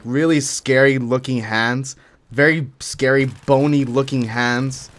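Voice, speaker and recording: A man's voice: mid-range voice, a bit bright. Young man, gaming commentary, casual rambling story, lots of swearing and filler. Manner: rambling, profane, filler-heavy. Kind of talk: casual storytelling over gameplay.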